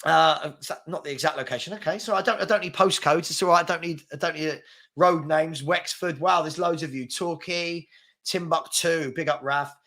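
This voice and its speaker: Young London man, live-stream host, fast and chatty, bright forward tone. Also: fairly high pitch, creaky. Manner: fast-talking, chatty, reads out names and places. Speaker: football chat host. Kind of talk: live-stream casual chat reading viewer comments.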